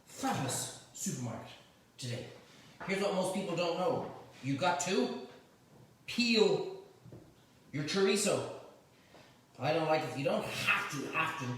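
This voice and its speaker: A man's voice: on the high side, fairly bright tone. Chatty Irish man cooking in an echoey kitchen. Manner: chatty, teasing banter with helpers. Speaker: cooking show host. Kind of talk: live cooking demonstration. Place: home kitchen. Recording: echoey kitchen, mic at a distance, faint noise.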